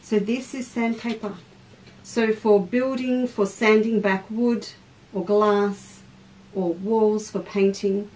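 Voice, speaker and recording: A woman's voice: medium pitch, steady tone, slow pace, darkish tone, recorded from a distance, low-quality recording. An Australian woman leads a live sewing lesson in a chatty, easygoing way and greets her viewers between steps. Her voice sits a little away from the mic. A faint background noise runs under it. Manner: chatty, stops mid-task to greet viewers by name. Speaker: craft teacher and shop host.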